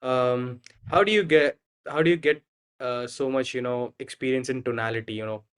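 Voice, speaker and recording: Male podcast host, mid-pitched, feels his way through questions. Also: smooth. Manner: halting, searching questions. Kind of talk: interview questions.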